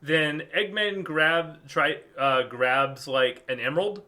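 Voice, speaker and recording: A man co-hosting a casual gaming podcast, talking in an animated way with quick restarts and acted-out quotes. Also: a little high. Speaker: podcast co-host.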